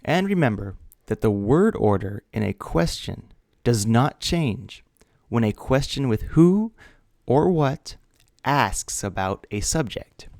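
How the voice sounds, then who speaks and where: A man teaching an English grammar lesson, speaking slowly and deliberately, spelling out letters and repeating key words. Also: mid-range voice, very animated, vocal fry, a little mellow, dry recording, clean studio sound. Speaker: ESL teacher.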